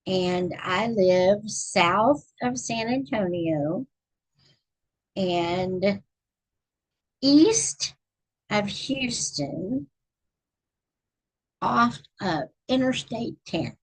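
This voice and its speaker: Middle-aged woman from texas chatting on a live stream, slow easy pace, a bit husky, counting stitches out loud while she crochets. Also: mid-range voice, lively intonation, rough recording. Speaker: channel host reading books. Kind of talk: casual live-stream chat.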